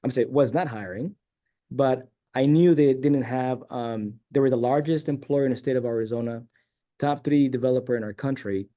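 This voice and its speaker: A middle-aged man from San Diego chats as an interview guest. His voice is mellow and warm, and he winds through a personal story, acting out the people he quotes. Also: medium pitch, normal speed. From San Diego, California. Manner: rambling, animated storyteller who acts out quoted dialogue.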